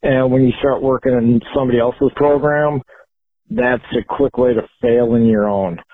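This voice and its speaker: Male caller, earnest and measured, mid-pitched voice, thin dry phone sound. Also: fairly even intonation, no room sound. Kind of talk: phoned-in comment. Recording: phone line.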